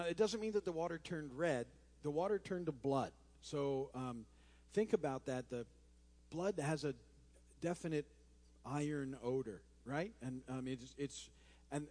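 A man's voice: fairly high pitch, darkish tone. A male pastor preaching a sermon in a conversational way, with restarts and friendly asides. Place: church sanctuary. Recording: long hall reverb in a church.

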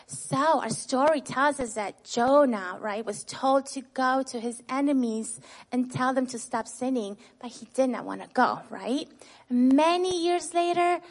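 A woman teaching children a Bible lesson. She retells the story in a lively, expressive way, tags nearly every sentence with "right?" and asks the children questions before answering them herself. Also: a little high.

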